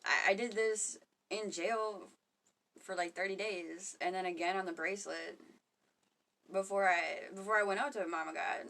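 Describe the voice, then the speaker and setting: Woman vlogging off the cuff, swears a lot, laughs a lot, trails off and restarts, mid-pitched voice. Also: fairly even intonation, normal speed, gravelly, sharp tone, distant mic. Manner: rambling, profane, laughs often. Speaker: spiritual vlogger. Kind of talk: casual talking-head monologue.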